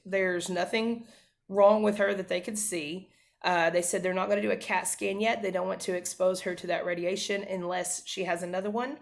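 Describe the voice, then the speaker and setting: A woman's voice: medium pitch, creaky. A woman in her thirties, a mother, earnestly telling a family story to camera, with many fillers and restarts.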